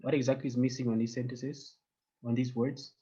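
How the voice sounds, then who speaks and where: A man's voice: mid-range voice, little pitch movement, a little fast, warm tone, lo-fi sound. A man teaching an online German class in English, patient and joking, dropping German words in.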